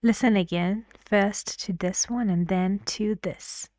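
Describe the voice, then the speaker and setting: A woman's voice: mid-range voice, steady tone, slow, darkish tone, dry recording, clean studio sound. A woman teaching an English pronunciation lesson, explaining patiently and asking the learners questions.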